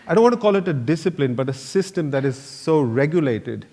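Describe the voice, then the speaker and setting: A man's voice: a little high, expressive, brisk, warm tone. A man, an architect giving a slide lecture, telling loose anecdotes full of "you know" fillers. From India. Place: lecture hall. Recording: echoey lecture hall reverb.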